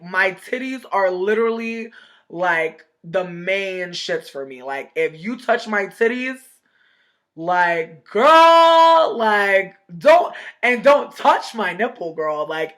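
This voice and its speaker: A woman vlogger telling a storytime in a casual, animated, profane way, acting out quoted voices. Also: on the low side, takes it slowly.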